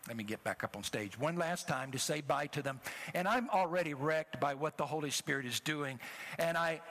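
A middle-aged man preaching a sermon, telling a personal story with emotion and rising to loud exhortations. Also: on the high side, animated, normal speed. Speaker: traveling preacher.

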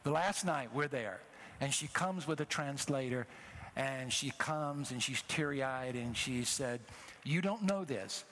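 A middle-aged man preaching a sermon, telling a personal story with emotion and rising to loud exhortations. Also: medium pitch, a little slow, a little hiss or hum. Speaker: traveling preacher.

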